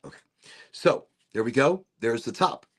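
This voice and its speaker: A man's voice: mid-range voice, lively intonation, moderate pace, a bit bright. A middle-aged man casually demonstrating a vaporizer on a livestream, playful and prone to silly asides.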